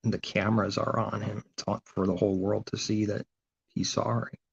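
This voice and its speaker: A man's voice: on the low side, level tone, brisk, gravelly, husky. A man delivering an informal sermon, asking and answering his own rhetorical questions, often with mocking sarcasm. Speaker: preacher. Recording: dull lo-fi recording.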